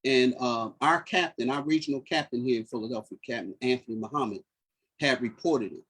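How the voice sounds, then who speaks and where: A man's voice: mid-range voice, a little fast, a bit bright, husky. A middle-aged man telling his personal story as a podcast guest, earnest and moved, repeating phrases as he recalls what people said.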